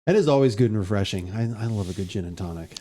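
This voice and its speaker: Chatty male podcast host, lively voice. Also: lowish voice, very fast. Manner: chatty and joking. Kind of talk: casual podcast chat.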